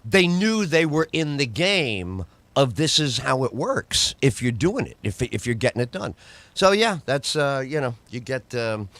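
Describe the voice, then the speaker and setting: A man's voice: mid-range voice, measured pace, no room sound. A middle-aged man from New York, a radio host and comedian, telling stories in conversation and acting out other people's lines. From New York, USA. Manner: acts out other people's lines in lively voices. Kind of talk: animated storytelling in conversation.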